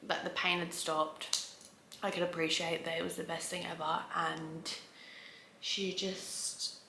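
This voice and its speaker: At home, a woman vlogger tells a long, rambling story to the camera in a chatty way, frequently stopping to restart sentences. Her lowish voice is flat and unhurried, captured with a roomy echo over a noisy background.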